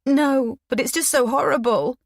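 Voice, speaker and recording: A woman narrator voicing an anxious young woman who found a body, her teeth chattering as she talks in a rushed, raised voice. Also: fairly high pitch, no echo, studio quality, pitched above the performer's own voice, natural voice. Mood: anxious, shaken.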